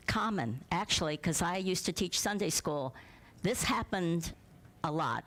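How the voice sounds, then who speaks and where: Woman minister, middle-aged, slow unhurried sermon, chatty, asks the room questions, sometimes goes almost to a whisper. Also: lowish voice. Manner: conversational, asks the congregation questions; drops to a soft near-whisper at times.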